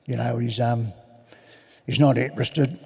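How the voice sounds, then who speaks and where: A man's voice: mid-range voice, fairly even intonation, unhurried, creaky, mellow, slightly rough. An older Australian man telling his personal recovery story to a convention audience, plain-spoken and frank with self-mocking humour. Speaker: AA convention speaker. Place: large hall. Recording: long hall reverb.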